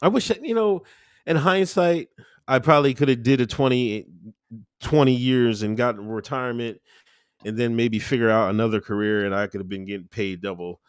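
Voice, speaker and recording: A man being interviewed, talking casually about his time in the Air Force, laughing often and acting out quotes with sudden high-pitched voices. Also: normal speed, smooth, no echo, clean studio sound. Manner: laid-back, laughs often, acts out quotes with big pitch jumps. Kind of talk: casual conversational storytelling.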